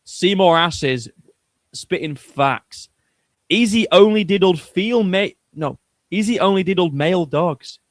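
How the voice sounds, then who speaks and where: A man's voice: sits high, lively intonation, measured pace, dry recording. A man hosting a casual livestream, chatting in a joking, crude and rambling way. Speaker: streamer host.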